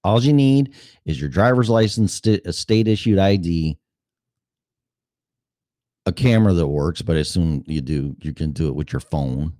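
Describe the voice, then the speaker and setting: A man's voice: low-pitched, normal speed, long pauses, mellow, no room sound, clean studio sound. A man in his fifties hosting a show, talking in a rambling, profane, blunt way. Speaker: podcast host. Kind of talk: casual monologue.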